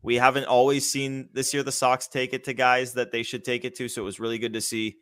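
A man's voice: mid-range voice, little pitch movement, fairly quick, fairly bright tone, smooth. A man casually chatting about baseball as a podcast host, enthusiastic and loose, with the odd swear. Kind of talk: casual sports chat.

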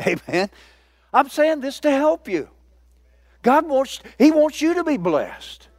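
Man preaching, pastor, high voice for a man, lively and joking, calls out to the crowd, dry close sound. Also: slow, dry recording. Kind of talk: sermon.

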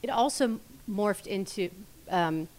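A woman chatting as a podcast guest, talking in an enthusiastic, animated way about her own show. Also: mid-range voice, takes it slowly. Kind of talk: casual chat.

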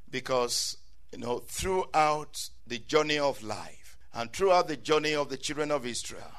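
A man's voice: medium pitch, fairly bright tone. A male preacher delivering an emphatic, repetitive sermon, often calling out amen.

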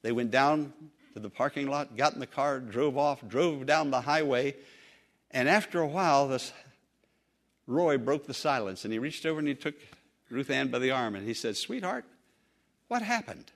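Man, preacher, sermon, earnest, emphatic, middle pitch. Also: fairly bright tone. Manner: earnest, emphatic, with slow drawn-out phrases. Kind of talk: sermon storytelling.

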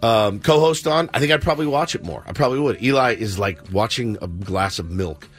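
A man's voice: medium pitch, brisk, soft background music. A man co-hosting a sports radio show, joking and laughing in casual banter. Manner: animated, joking, laughs often.

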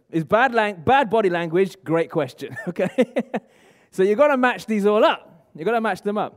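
Man, motivational speaker, energetic crowd-coaching delivery, higher voice. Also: normal speed. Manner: energetic, coaching, asks the audience questions. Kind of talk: live seminar talk to room and online audience.

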